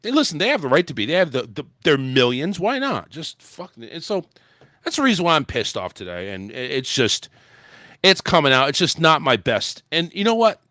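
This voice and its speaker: Lively, bright-voiced ranting man. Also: on the high side, fairly quick, no echo, clean studio sound. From United States. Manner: angry, profane ranting. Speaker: host. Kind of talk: casual talk show rant.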